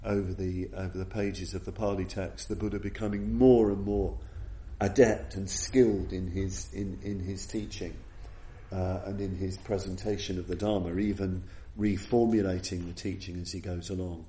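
A man's voice: sits low, level tone, normal speed, dark tone. A man giving a reflective Buddhist dharma talk as a teacher, retelling an old story in an earnest way and often restarting phrases. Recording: echoey room.

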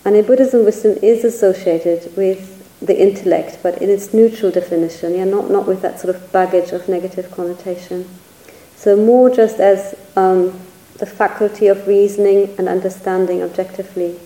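A woman teacher gives a reflective Buddhist dharma talk in a medium-pitched, dark, steady voice at a moderate pace. She searches for words and often hedges with "sort of." The recording is low quality and echoey.

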